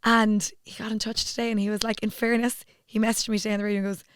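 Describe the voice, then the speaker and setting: A woman's voice: medium pitch, flat delivery, quick pace, smooth, no echo, clean studio sound. A woman with an Irish accent hosting a podcast, telling stories in a chatty mix of Irish and English. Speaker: podcast host. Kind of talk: casual chat. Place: studio.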